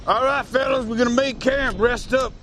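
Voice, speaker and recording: An actor playing a folksy army squad leader, drawling and bossy, in a gravelly voice. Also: male voice, very high-pitched, steady tone, moderate pace, fairly bright tone, slight background noise. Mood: hearty.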